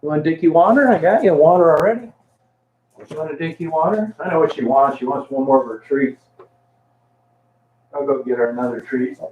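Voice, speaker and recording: A man's voice: mid-range voice, steady tone, fairly quick, pauses often, slight background noise. A man on a casual live stream, cooing fondly and repeating pet talk to his dog between greetings to viewers. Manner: coos over and over in fond pet talk. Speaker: vlogger talking to his dog. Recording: tinny phone-like audio in an echoey room.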